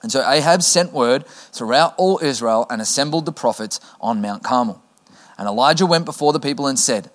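Male preacher, mid pitch, reads scripture casually and jokes with the congregation. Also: expressive, fairly quick. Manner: casual, joking asides to the congregation. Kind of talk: sermon, reading scripture aloud.

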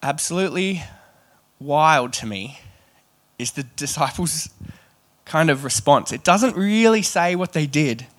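Animated man preaching. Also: on the high side, unhurried. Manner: animated, chatty, self-deprecating asides. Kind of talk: sermon.

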